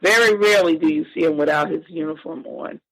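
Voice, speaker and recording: A woman telling a painful family story as a podcast guest, halting and emotional with frequent restarts. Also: sits low, creaky, fairly bright tone, dry recording, rough recording. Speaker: victim's sister, interview guest. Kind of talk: personal account in a podcast interview.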